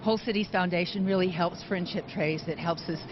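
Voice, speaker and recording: Lower-voiced woman speaking earnestly for a charity. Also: fairly even intonation. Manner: earnest, slightly halting. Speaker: charity representative. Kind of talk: live TV interview. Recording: muffled audio with background noise.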